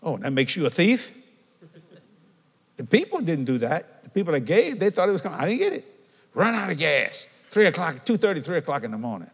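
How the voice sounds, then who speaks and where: An older man delivers an animated sermon in a husky, somewhat high voice. He tells stories and keeps checking in with the congregation, and his words ring out with a long reverb from the church hall. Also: brisk. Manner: animated storytelling, calls and responses with the congregation. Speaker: preacher.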